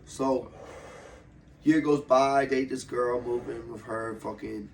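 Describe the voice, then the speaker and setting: A young man from Ohio, an MMA fighter, telling his story in a loose, profane, animated way during a casual interview. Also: mid-range voice, slow, gravelly, roomy sound. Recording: slightly distant mic with faint room noise.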